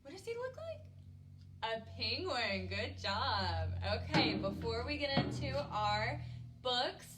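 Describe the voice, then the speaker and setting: A woman's voice: a little high, takes it slowly, over loud music. A young woman hosting a children's story time, talking to little kids in an exaggerated, playful way with a singalong. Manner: bright, animated, exaggerated for children. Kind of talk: preschool lesson with singalong.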